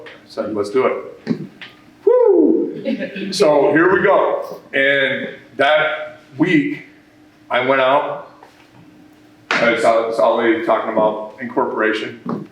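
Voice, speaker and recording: Speaking at a workshop, a male business owner with a mid-range voice recounts his beginnings in a long, animated, meandering tale packed with restarts and quotes. The mic sits far off in an echoey room, with a little background noise.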